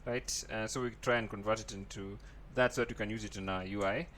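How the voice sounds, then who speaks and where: A man's voice: on the low side, fairly even intonation, fast talker, fairly bright tone, a little hiss or hum. Man talking through code aloud. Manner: thinks aloud, frequent "right?" checks. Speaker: programming tutor. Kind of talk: screen-recorded coding tutorial.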